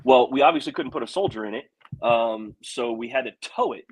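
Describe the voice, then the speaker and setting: An American man and veteran hosting a podcast, animated and laughing, stumbling and swearing as he tells stories. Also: mid-range voice, brisk, slightly rough, poor audio. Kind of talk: casual chat.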